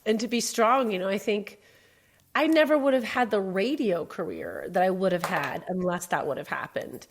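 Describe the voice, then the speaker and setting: A woman hosting a podcast interview, answering with quick supportive affirmations and telling her own story. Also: medium pitch, slightly rough. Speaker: podcast host.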